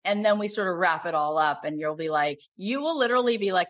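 Middle-aged woman coach, effusive sales pitch, builds to loud emphasis. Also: animated, brisk, few pauses. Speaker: coach and program host.

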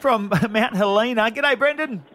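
A man's voice: very high voice, normal speed, a bit bright, slight background noise. An Australian man co-hosting breakfast radio, ribbing callers in a jokey way.

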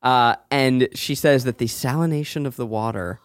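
A man co-hosting a podcast, telling stories in a casual, animated way and laughing often. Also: medium pitch, normal speed, no echo, studio quality. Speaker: podcast co-host.

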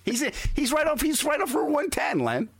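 A man's voice: extremely high pitch, wildly swooping pitch, fairly quick, fairly bright tone, no echo. A man hosting a podcast, trading wisecracks and telling comic anecdotes in casual chat. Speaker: podcast host.

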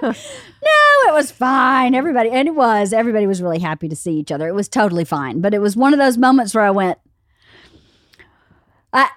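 A woman's voice: medium pitch, no room sound, studio quality. A woman hosting a podcast, chatting casually with friends in a blunt, teasing way and swearing freely. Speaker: podcast host. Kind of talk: casual chat among friends.

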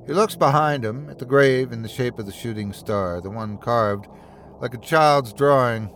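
A man narrating a first-person horror story in a measured, steady storytelling voice. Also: mid-range voice, slight background noise.

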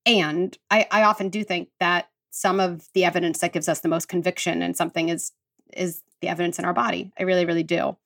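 A woman's voice: lowish voice, fairly even intonation, fairly quick, creaky, fairly bright tone. A woman psychologist talking on a podcast, earnest and reassuring, walking listeners through an exercise. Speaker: psychologist guest. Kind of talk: podcast conversation.

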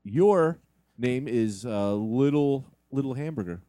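A man with a mellow, dark voice narrates and bosses a comedy sketch in deadpan fashion. His sound is close and dry, with nothing around it. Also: medium pitch, takes it slowly, no room sound. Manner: deadpan, bossy, exasperated. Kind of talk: improvised comedy.

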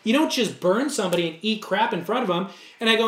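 A man telling a surf story on a casual podcast, acting out the dialogue in an animated way. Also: high voice, fast. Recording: roomy echo.

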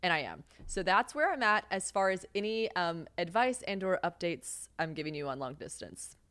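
A woman's voice: fairly low pitch, normal speed, no echo. A young woman hosting her own podcast, talking candidly about her life in casual chat, swearing freely, laughing often and acting out quoted lines. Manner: candid and profane, animated, laughs often, acts out quoted voices. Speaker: podcast host.

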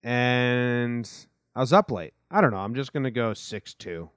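A man's voice: medium pitch, expressive, unhurried, fairly bright tone, clean tone, no room sound, clean studio sound. A man hosting a casual podcast chat from his small house, rambling in an easygoing way. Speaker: podcast host.

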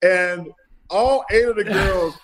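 Middle-aged man, podcast guest who tells stories in quoted dialogue, voice pitched slightly high. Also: takes it slowly, a bit bright, rough recording. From Alabama, US. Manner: retells stories in quoted dialogue, keeps repeating "I said". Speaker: podcast guest, former pro athlete. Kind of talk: casual storytelling.

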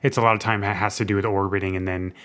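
A man's voice: on the low side, little pitch movement, very fast, a bit bright, clear, resonant tone. A man co-hosting a podcast, chatting casually about a TV episode, laughing often and filling with "like". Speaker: podcast co-host. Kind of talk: casual chat recapping a TV episode.

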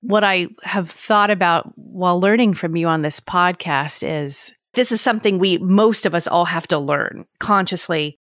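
A woman's voice: on the low side, moderate pace, hardly any pauses, fairly bright tone, no room sound, clean studio sound. A woman cohost sharing personal memories in a casual podcast conversation. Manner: reflective, personal anecdotes.

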